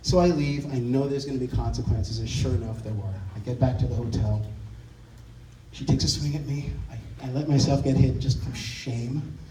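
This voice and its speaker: A man's voice: medium pitch, fairly even intonation, normal speed, noisy background. A man telling a wry, self-mocking comic story on stage at a live show. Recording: distant roomy live stage recording.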